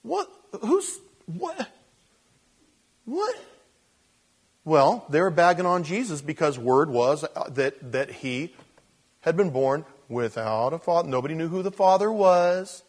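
A man, a pastor, preaching an expository sermon, swinging from loud emphasis to quiet asides. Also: on the high side, moderate pace.

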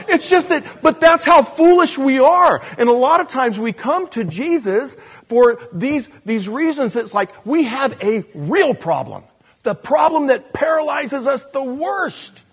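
A man preaching a sermon in an animated, self-deprecating way, chuckling and acting out voices when he quotes people. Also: very high-pitched, measured pace. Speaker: pastor.

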